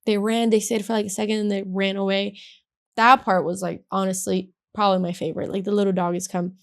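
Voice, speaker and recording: A young woman in her twenties tells a personal story on her podcast in a loose, casual way. She gushes and leans on "like" in almost every sentence. Her voice sits at a middle pitch for a woman. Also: level tone, quick pace, gravelly. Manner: gushing, filler-heavy, says "like" constantly. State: emotional, has a headache. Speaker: podcast host.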